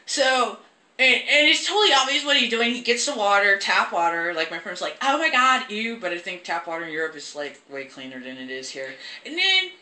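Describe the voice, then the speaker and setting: A woman's voice: medium pitch, a little fast, reverberant. Young woman ranting, swearing freely. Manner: profane, rambling, animated. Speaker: film reviewer. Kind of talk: casual ranting review.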